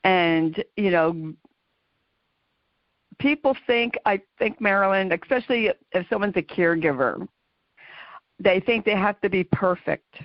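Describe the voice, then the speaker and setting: A woman's voice: medium pitch, lively intonation, unhurried, long pauses, dry recording, highs cut off. A woman hosting a show for caregivers, chatting in an encouraging way with her guest. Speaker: podcast host for caregivers. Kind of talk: interview conversation.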